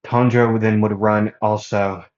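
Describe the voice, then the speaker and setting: A man's voice: lowish voice, flat delivery, measured pace, darkish tone. A man casually narrating a fan-made story, rambling with many fillers and self-corrections, on a dull lo-fi recording.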